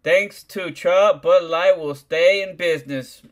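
This high-pitched man drags along slowly as he chats on a livestream, cursing and piling on slang while he rambles. "Dog" comes up again and again.

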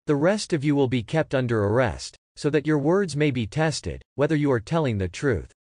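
A man's voice: mid-range voice, lively intonation, normal speed, a little mellow, dry recording, clean studio sound, lightly acted. Joseph, stern governor, read by a man. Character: stern male Egyptian governor testing his brothers.

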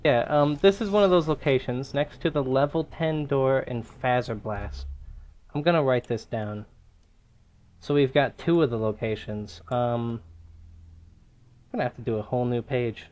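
A young man giving casual, rambling gameplay commentary, excitable and swearing now and then. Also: medium pitch, measured pace, pauses often. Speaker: gaming YouTuber.

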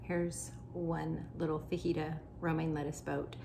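A woman's voice: deep voice, little pitch movement, unhurried, creaky, noisy background. A woman, a health coach chatting casually through a cooking vlog at home, talking while she eats. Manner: chatty, talks while eating.

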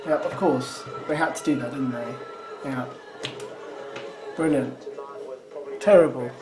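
A man's voice: mid-range voice, a little slow. Sarcastic man reacting over music. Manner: sarcastic, teasing running commentary. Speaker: reaction commentator. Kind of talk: reaction commentary. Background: show soundtrack music.

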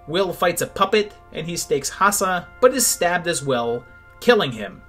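A man's voice: sits high, sing-song, unhurried, a bit bright, faint music behind. A man narrating a comedic film review in a sarcastic, wry tone. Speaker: movie reviewer. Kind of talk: scripted comedic video narration.

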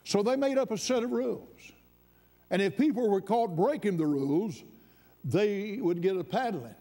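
A man preaches from the pulpit in a high voice. He tells his story at an easy pace, then climbs to fervent, ringing emphasis. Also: animated, normal speed, dark tone. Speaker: pastor. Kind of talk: sermon storytelling.

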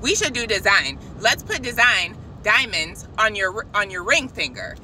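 A woman voicing a giddy, chatty woman nail technician who speaks excited, broken English with an accent. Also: mid-range voice, unhurried, slight background noise, full character voice. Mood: playful. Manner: excited and giggly.

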